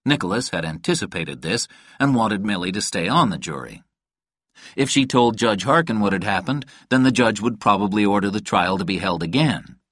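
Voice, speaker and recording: Man, low voice, calm audiobook narration, dry close sound. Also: normal speed, slightly rough, dry recording. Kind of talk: scripted narration.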